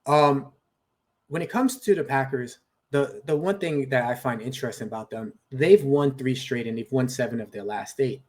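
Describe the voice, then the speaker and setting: A podcast co-host with a medium-pitched, slightly mellow voice chats casually about football betting at a normal speed. He's thoughtful and hedging, and he laughs at his own jokes.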